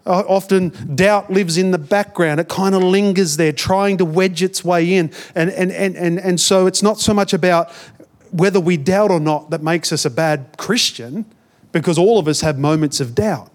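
A man's voice: high-pitched, moderate pace. A man with an Australian accent, a pastor giving a conversational sermon, often repeating words as he builds a point.

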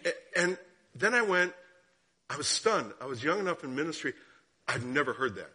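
A man preaching a sermon as guest speaker, telling a story and asking the listeners questions, sometimes dropping to a hushed tone and sometimes rising. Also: on the high side, very animated, normal speed, breathy edge. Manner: drops to hushed tones for story, rises for questions.

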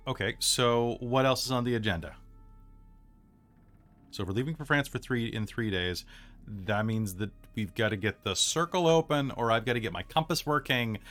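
A man's voice: medium pitch, normal speed, fairly bright tone, faint music behind. A man speaking as a player in a tabletop role-playing game, mixing easygoing chat with lines spoken in character.

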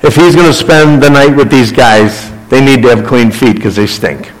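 A man's voice: medium pitch, moderate pace, low-quality recording. A male pastor preaching a sermon, reading scripture and acting out the quoted lines with rising emphasis.

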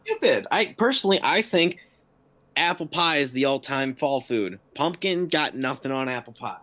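Laid-back podcast co-host. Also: male voice, medium pitch, lively intonation, moderate pace, sharp tone. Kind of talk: casual podcast chat.

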